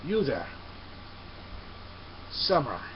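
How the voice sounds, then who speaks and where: A man voicing a calm, wise young male monk who speaks softly and in a measured way, on a dull recording with faint hiss. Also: medium pitch. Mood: calm, serene. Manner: soft, quiet, measured.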